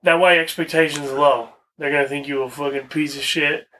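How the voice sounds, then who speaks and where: Bright-voiced young man, crude banter. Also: on the high side, steady tone, fairly quick. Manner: profane, joking, storytelling. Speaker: podcast co-host. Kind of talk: crude casual chat.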